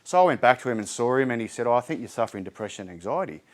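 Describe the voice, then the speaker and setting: A man's voice: mid-range voice, expressive, rapid-fire. A man with an Australian accent giving a candid, chatty community talk on mental health, with frequent ums and restarts. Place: indoor community hall.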